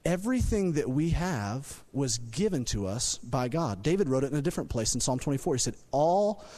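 Animated male pastor preaching. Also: a little fast. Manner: animated preaching, rising loud when emphatic, dropping low for points. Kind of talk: sermon. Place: church sanctuary.

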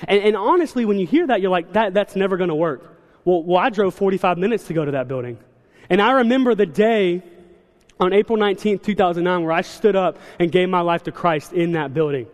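High-voiced young man preaching in a hall. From South Carolina. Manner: animated storytelling with quick asides. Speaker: church speaker. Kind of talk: sermon. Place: large church hall. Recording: long hall reverb.

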